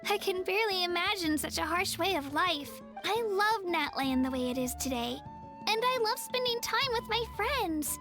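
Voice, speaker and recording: A woman voicing a sweet, earnest young girl in a game who bakes cakes for her friends, speaking gently and hopefully. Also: extremely high pitch, expressive, normal speed. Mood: sincere. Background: soft game music.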